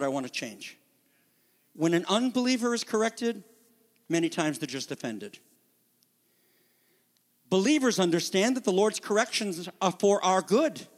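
A male pastor preaches a sermon with animated energy, briefly acting out the voices of people in the story. His voice is high, and he sounds like he's in a large hall.

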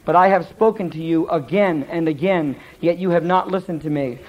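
High-voiced male preacher telling a story. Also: moderate pace, dull audio. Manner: lively storytelling, stumbles over hard names. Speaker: pastor. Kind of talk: sermon.

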